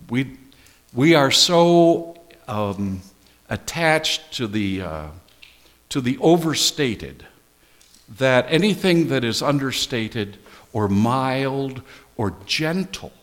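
A male pastor delivers a sermon at an unhurried, measured pace, his pitch rising and falling expressively. His voice rings out with the long reverb of a large church hall. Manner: slow, deliberate preaching with animated pitch.

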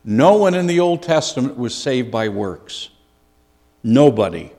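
A man's voice: medium pitch, animated, normal speed, a little mellow. A man leading a Bible study lesson, earnest and given to repeating key phrases for emphasis. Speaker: Bible teacher. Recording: long reverb of a large hall.

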